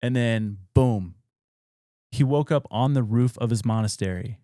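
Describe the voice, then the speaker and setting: A man's voice: medium pitch, measured pace, warm tone, no room sound, clean studio sound. A young adult man, a podcast co-host, casually retelling a spooky old story with loose fillers and quoted dialogue.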